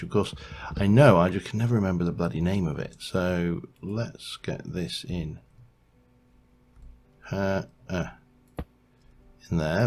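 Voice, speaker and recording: A man with a low, deep voice talks through a building game at a slow, easy pace. He rambles and corrects himself as he works, and hums tunelessly to fill the pauses. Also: darkish tone. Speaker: let's play host. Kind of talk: gameplay commentary.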